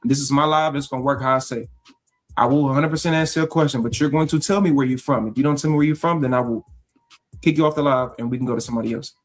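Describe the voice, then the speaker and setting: Fast-talking, insistent male live host. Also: mid-range voice, steady tone. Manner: insistent, bossy, repeats himself. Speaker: live stream host taking callers. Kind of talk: live call-in chat.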